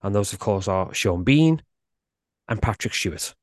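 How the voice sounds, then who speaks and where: A man hosting a casual podcast chat, playful and quick to restart his sentences. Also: fairly low pitch, animated, darkish tone, no room sound, studio quality. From Yorkshire, England. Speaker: podcast host.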